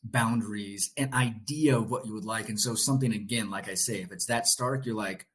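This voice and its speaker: A man's voice: lowish voice, brisk, poor audio. A man in his late forties hosting a podcast, chatting casually and animatedly, swearing and laughing freely. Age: late 40s. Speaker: podcast host.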